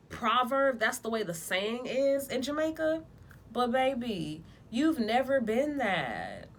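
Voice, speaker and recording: A woman's voice: medium pitch, a little hiss or hum. Woman doing a tarot reading, casual and blunt, lots of slang and cussing. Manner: blunt, profane, lively slang. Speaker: tarot reader.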